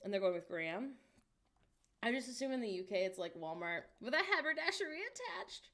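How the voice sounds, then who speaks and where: A woman streaming, chatting casually and reacting wryly out loud to what she finds while browsing online. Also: fairly high pitch, big pitch swings, brisk.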